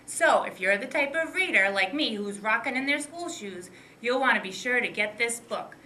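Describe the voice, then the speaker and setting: A woman's voice: fairly high pitch, expressive, moderate pace, pushed and bright, a little hiss or hum, poor audio. A woman first grade teacher presenting a favorite picture book. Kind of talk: book talk.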